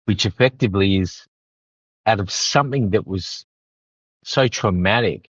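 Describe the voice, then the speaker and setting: A man's voice: lowish voice, measured pace, a bit bright, breathy edge, no echo. A man hosting a conversational interview, asking curious follow-up questions. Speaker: podcast host. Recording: slightly dull, dry sound.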